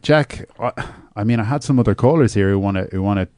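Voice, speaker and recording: A man hosts a comedy phone-in with patient deadpan. His voice is lowish and recorded dry in a studio. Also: fast, no echo. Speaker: radio show host.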